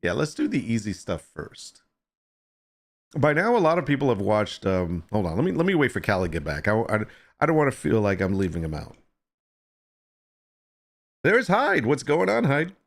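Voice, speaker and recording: A man's voice: lowish voice, very animated, brisk. A man hosting a casual livestream chat, joking with and teasing viewers and greeting them by name. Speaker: livestream host.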